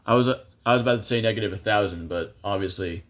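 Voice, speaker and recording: Low-voiced young man casually commentating gameplay. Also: quick pace, a bit bright. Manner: chatty, self-amused, thinks aloud with many fillers. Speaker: gameplay video creator.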